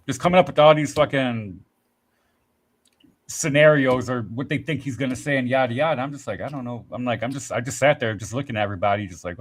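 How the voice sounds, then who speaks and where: A man's voice: mid-range voice, fast. A man in casual podcast chat, telling rambling, profanity-laced stories with acted-out quotes. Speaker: podcast host.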